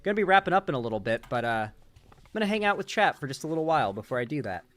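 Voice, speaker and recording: Wrapping up his stream, a young man who does political commentary races along in a slightly high, fairly bright voice with big pitch swings. He's relaxed and rambling, chatting drowsily with his audience, thanking them, and reading out donations over soft background music.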